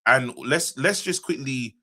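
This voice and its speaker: A man co-hosting a casual football podcast, talking in an excitable, slangy way. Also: mid-range voice. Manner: excitable, slangy, quick restarts. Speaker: co-host.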